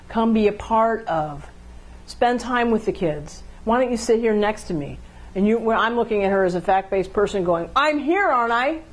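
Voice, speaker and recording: A woman gives a talk on how couples communicate. She keeps it casual and conversational, and she acts out quick exchanges between partners to show each point. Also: mid-range voice, darkish tone, rough recording. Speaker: relationship speaker.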